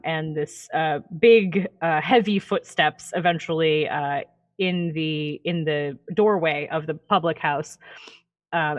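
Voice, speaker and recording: A woman running a tabletop game, narrating in a chatty, rambling way. Her voice is fairly low for a woman and dry, close to the mic. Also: dry recording. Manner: chatty, laughing, many fillers. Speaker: game master.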